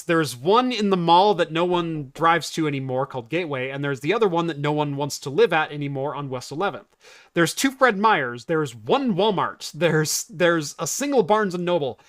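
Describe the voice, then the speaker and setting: A man's voice: on the high side, a bit bright, no echo, clean studio sound. A man from Oregon hosting a casual tech and beer podcast, rambling and laughing often. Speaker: podcast host. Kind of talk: casual chat.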